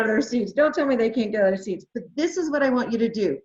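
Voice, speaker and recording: A woman leading an adult education webinar, talking to teachers with lots of excitement and reading chat replies aloud over a computer microphone. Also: mid-range voice, brisk, few pauses. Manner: enthusiastic, exclamatory, reads chat aloud. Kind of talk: webinar presentation. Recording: roomy, slightly dull webinar audio.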